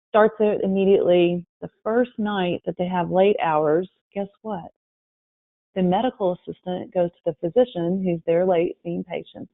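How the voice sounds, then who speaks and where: A woman presents a webinar, telling workplace stories with lively quoted voices. Her voice comes through a thin, phone-like line with no room sound at all. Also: fairly low pitch, dry recording. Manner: lively storytelling, acting out quotes. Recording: tinny phone-line audio.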